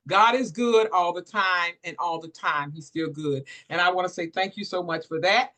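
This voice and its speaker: A woman's voice: fairly low pitch, normal speed, few pauses, bright, forceful tone. A woman hosting a virtual workshop, exuberant and preacher-like, hyping the audience with church phrases. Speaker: workshop host. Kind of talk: lively church-inflected hosting. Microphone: virtual workshop call.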